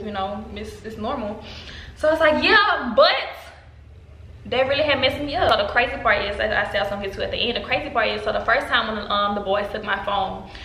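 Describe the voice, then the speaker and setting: A young adult woman telling a storytime vlog with animated energy, jumping her pitch up whenever she quotes someone. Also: vocal fry, a little hiss or hum. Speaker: vlogger. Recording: roomy echo.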